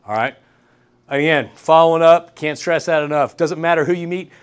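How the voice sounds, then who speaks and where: A young man giving an energetic workshop lecture in a classroom, repeating key points and checking in with the room. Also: on the high side, normal speed, smooth. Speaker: guest lecturer. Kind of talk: university workshop talk.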